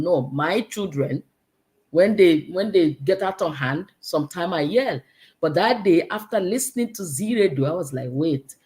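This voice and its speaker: Earnest woman giving a faith-based pep talk. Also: lowish voice. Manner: earnest, preachy and conversational. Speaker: host of an online confidence challenge.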